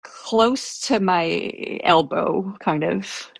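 A soft-spoken woman recounts a story in a casual interview, her voice low-pitched and husky with a gravelly edge. She hesitates, restarts and leans on fillers, and the recording is close and dry. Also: extremely slow, no room sound. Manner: self-described introvert. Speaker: guest telling a personal story.

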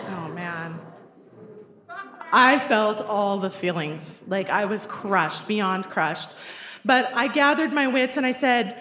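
A woman of forty telling a personal story at a live show, wry and self-deprecating with lively comic timing. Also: medium pitch, unhurried. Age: 40s. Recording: roomy echoey venue sound.

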